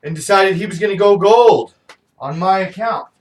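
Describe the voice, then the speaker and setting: A man's voice: high voice, normal speed. A middle-aged man talking candidly in a personal video diary, venting and swearing often. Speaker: vlogger. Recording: distant mic with faint background noise.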